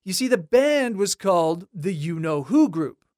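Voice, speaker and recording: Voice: mid-range voice, sing-song, a little slow, a little mellow, dry recording. A host narrating music history in a scripted, conversational way with light wry asides, recorded close and dry.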